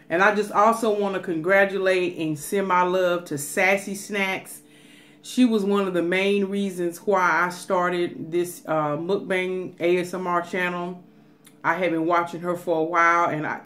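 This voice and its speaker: Chatty woman vlogger. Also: on the low side. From Atlanta, USA. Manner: chatty, animated, drops into whispers at times. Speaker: mukbang vlogger. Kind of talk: casual chat to viewers.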